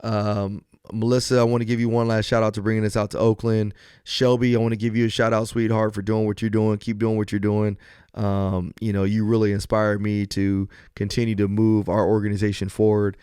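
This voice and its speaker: A man hosts a podcast by himself, with a smooth, clear voice recorded close and dry. He moves from earnest encouragement to loose, joking storytelling. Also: on the low side, level tone, a little fast, dark tone, no room sound. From US West Coast. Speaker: podcast host. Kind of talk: solo podcast talk.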